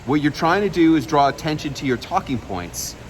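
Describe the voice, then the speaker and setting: A man coaching outdoors by a waterfall, giving emphatic, direct instructions and slowly demonstrating lines. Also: fairly high pitch, lively intonation, slight background noise, low-quality recording. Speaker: media coach. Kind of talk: hands-on coaching session.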